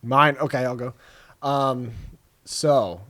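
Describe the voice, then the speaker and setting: A man's voice: medium pitch, slow pace, bright, forceful tone. A man chatting casually as a podcast co-host, laid-back and joking. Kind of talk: casual chat.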